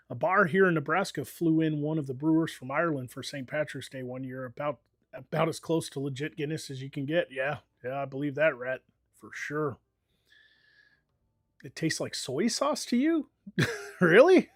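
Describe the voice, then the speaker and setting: A man's voice: a little high, lively intonation, moderate pace, pauses often, no echo, studio quality. An American man streaming and chatting casually, telling rambling, profane stories with lots of fillers. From United States. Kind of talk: casual chat.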